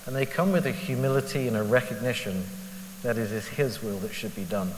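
A man's voice: mid-range voice, fairly quick. Man musing in an echoey hall. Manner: candid, self-deprecating, asks rhetorical questions. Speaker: lay preacher. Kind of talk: conversational Bible reflection. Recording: echoey hall with faint hiss.

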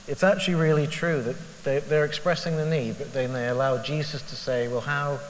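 A man's voice: medium pitch, steady tone, fairly quick. A man giving a candid, conversational Bible reflection as a lay preacher, asking himself rhetorical questions with self-deprecating honesty. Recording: echoey hall with faint hiss.

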